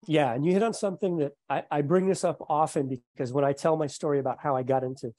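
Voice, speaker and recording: A male interview host with a somewhat high voice asks follow-up questions and affirms his guest with enthusiasm. His voice is recorded close and dry, with no room sound. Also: steady tone, fast, mellow, no echo. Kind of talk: casual interview chat.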